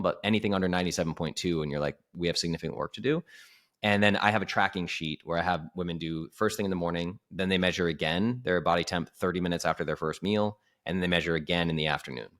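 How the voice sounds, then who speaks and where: A man with a low-pitched voice joins a casual podcast chat as a health coach guest, speaking animatedly, leaning heavily on "like," and acting out quoted voices.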